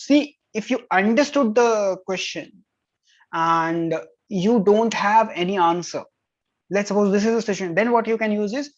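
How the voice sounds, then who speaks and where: A tutor gives exam tips in a middle-pitched voice, switching between explanations and French example phrases. They keep saying "all right" between points. The recording sounds dull and lo-fi. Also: animated, a little slow.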